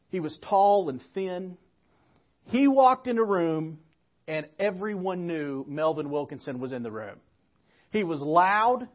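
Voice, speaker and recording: In this sermon, a woman pastor alternates between storytelling, soft reflection, and strong calls to the church. Her pitch is medium, and the audio lacks high frequencies.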